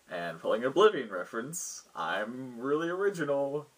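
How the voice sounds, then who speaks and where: Husky man retelling his tabletop game. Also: medium pitch, very animated, normal speed, fairly bright tone. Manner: rambling, loose storytelling. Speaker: game master recounting a session. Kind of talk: casual recounting of a tabletop game.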